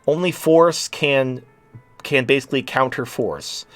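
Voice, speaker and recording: A man's voice: mid-range voice, measured pace, fairly bright tone, faint music behind. A man in his late thirties hosting a talk show, ranting in a blunt, sarcastic and profane way. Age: late 30s. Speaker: podcast host. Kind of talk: casual talk-show rant.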